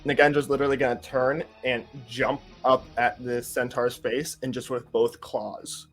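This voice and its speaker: A man plays in a tabletop game, speaking at a middling pitch and eagerly describing his character's attacks move by move. His delivery is relaxed, like an everyday conversation, with faint music playing softly in the background. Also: normal speed. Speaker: player.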